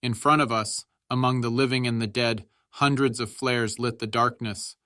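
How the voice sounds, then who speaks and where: A man narrating an audiobook in a measured, steady reading style. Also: mid-range voice, dry recording, studio quality.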